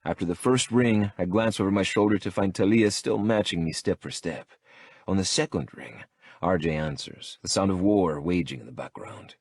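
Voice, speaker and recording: A man narrating an audiobook in first person in a brooding, measured way. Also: low-pitched, a little mellow, husky.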